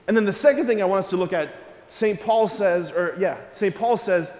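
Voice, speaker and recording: A man preaching a children's homily as a priest, animated, asking the children questions and repeating key phrases. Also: high-pitched, a little fast, echoey room, long reverb tail. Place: church.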